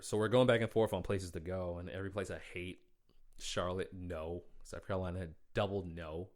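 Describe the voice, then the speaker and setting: A man hosts his own podcast and tells a story in a loose, animated way. He talks with slang and filler and often restarts his sentences. His voice sits a bit low. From United States. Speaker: podcast host. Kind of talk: casual solo podcast storytelling.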